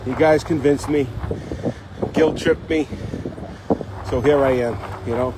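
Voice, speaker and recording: A man's voice: medium pitch, steady tone, slow pace. Man, casual vlog host, rambling, slightly breathless, outdoors on a bike, heavy wind noise. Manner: rambling, chatty, fills with "you know". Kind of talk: live-streamed casual chat while biking.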